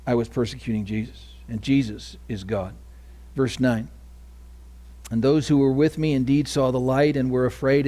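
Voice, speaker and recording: A man preaching a sermon as pastor, dropping to hushed asides and rising to loud emphasis, often asking the congregation questions. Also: medium pitch. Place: church sanctuary.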